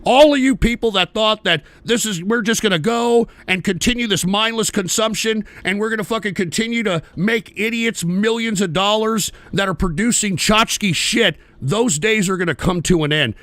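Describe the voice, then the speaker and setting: A man's voice: sits high, moderate pace, few pauses, fairly bright tone, dry recording. A man hosting a political talk show, ranting aggressively and profanely and hammering his points home by repeating them.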